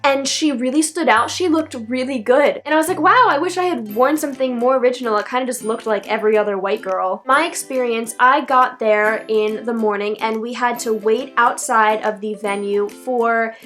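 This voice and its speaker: A woman's voice: a little high, moderate pace, hardly any pauses, fairly bright tone, soft background music. A teenage girl talking through an advice vlog in a chatty, rambling way, full of "like" and self-corrections. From Philadelphia area, USA. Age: teens. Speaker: vlogger.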